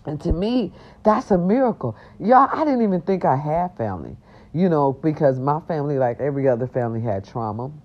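A woman's voice: low-pitched, fairly quick. An older woman from the South, ranting brashly to her vlog viewers and growling now and then. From American South. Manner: animated and brash, growls and breaks into song. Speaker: vlog host. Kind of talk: casual rant to viewers. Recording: dull lo-fi audio.

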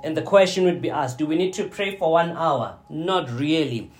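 A man preaching a sermon, slow and deliberate, often checking in with his listeners. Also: a little high, soft background music. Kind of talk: sermon teaching.

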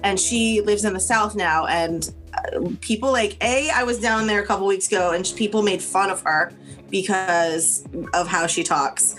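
Animated young woman swearing in casual chat. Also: mid-range voice, normal speed, soft background music. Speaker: podcast co-host.

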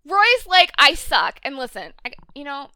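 A woman with a high, very bright voice that swings widely as she talks. She co-hosts a casual TV recap chat, animated and sarcastic, and often acts out the characters. The sound is dry and close. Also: normal speed, dry recording. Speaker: podcast co-host.

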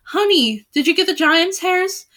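A woman's voice: very high voice, expressive, unhurried, bright, forceful tone, pitched above the performer's own voice, exaggerated voice. A woman reading aloud and voicing a loving mother who has been turned into a pig, full of doting praise.

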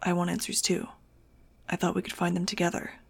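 A guarded teenage boy speaks in a hushed, even voice, holding himself in check, as a woman reads him in an audiobook. A gravelly fry runs under the low volume. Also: brisk, exaggerated voice. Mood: quiet. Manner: quiet, hushed. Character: guarded teenage boy leader, quiet and tense.

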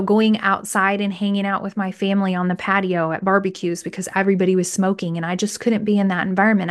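A woman in her forties hosting a faith-based podcast, sharing her own story in a candid, conversational way. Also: mid-range voice. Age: 40s. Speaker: podcast host.

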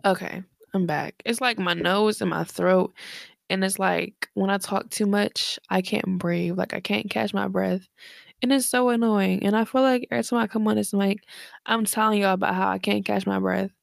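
A woman's voice: medium pitch, fairly even intonation, moderate pace, creaky, no room sound, studio quality. A tired, slightly breathless young woman hosting her podcast late at night from her bedroom, chatting casually in a rambling, slangy way with lots of fillers. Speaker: podcast host. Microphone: headphones and desk mic.

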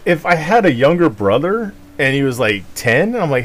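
A man's voice: fairly high pitch, big pitch swings, moderate pace, hardly any pauses, a little hiss or hum. A man hosting a podcast, chatting casually and ranting with lots of swearing and mocking outbursts. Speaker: podcast host. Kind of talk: casual chat.

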